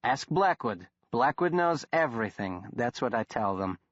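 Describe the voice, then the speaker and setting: A man doing a gruff Danish journalist. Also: medium pitch, sing-song, normal speed, no echo. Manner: growling, blunt, skeptical. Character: gruff short middle-aged Danish male journalist. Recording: dull, dry studio recording.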